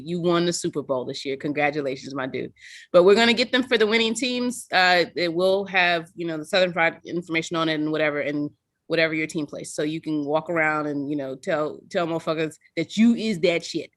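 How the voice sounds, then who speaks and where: A woman's voice: low-pitched, no room sound, clean studio sound. A woman in her thirties, an organizer giving a playful, candid thank-you speech over a video call, teasing and swearing freely. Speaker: slam organizer.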